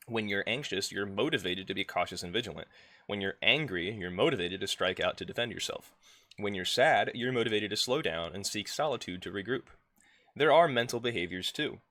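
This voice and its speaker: A man reads a self-help workbook aloud on a live stream from home, breaking off now and then to chat with his viewers and pets. His voice is fairly low, pushed and bright, with no echo.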